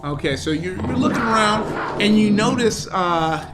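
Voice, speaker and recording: High-voiced man running a tabletop game. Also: expressive, moderate pace, music in the background. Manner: loose, rambling narration with many fillers, breaking into loud voices for characters. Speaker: game master.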